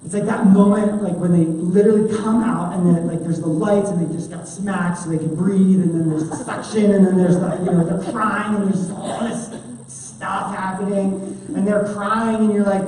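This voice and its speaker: A woman giving an animated conference training talk to children's ministry volunteers, chatty and full of fillers. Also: mid-range voice, moderate pace, background noise. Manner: chatty, animated, many fillers, acts out quotes. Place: large church hall. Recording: echoey hall from far off.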